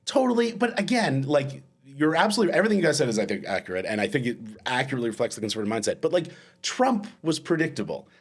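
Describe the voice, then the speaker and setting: A man hosts a casual comedy panel, his voice swooping up and down as he rambles. He pokes fun at himself and laughs into his own sentences. The pitch sits mid-range but the melody is animated. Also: fast talker, husky. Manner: rambling, self-mocking, laughs often. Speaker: podcast host.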